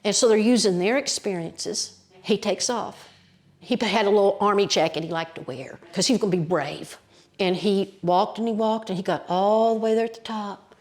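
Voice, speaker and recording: A woman with an Appalachian accent, a guest storyteller, telling a story in a lively, folksy way with colloquial mountain phrasing. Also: mid-range voice. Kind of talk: animated oral storytelling.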